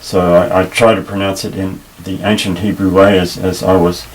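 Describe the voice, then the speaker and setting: Man, Hebrew teacher, very low voice, halting with fillers, slightly distant mic, faint background noise. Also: flat delivery. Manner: unhurried, halting, with frequent fillers and restarts. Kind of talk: recorded language lesson.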